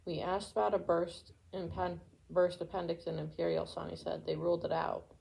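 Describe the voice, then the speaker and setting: A woman reading a memoir aloud chapter by chapter, steady, with occasional stumbles and restarts. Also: fairly low pitch, moderate pace, gravelly, poor audio. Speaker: audiobook reader. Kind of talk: amateur book reading aloud.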